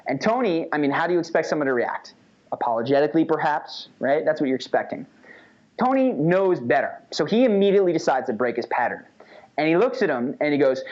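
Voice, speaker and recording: A man teaching a casual lesson in an animated, conversational way, often checking in with "right?". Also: on the high side, brisk. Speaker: instructor. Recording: dull lo-fi recording.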